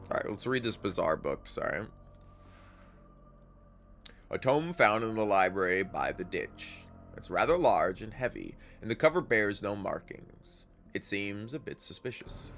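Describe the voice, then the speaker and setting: A young man streams a video game, reading its text aloud in a low, gravelly voice that swings widely in pitch. He drops casual, profane asides between lines. Faint game music sits underneath. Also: a bit bright.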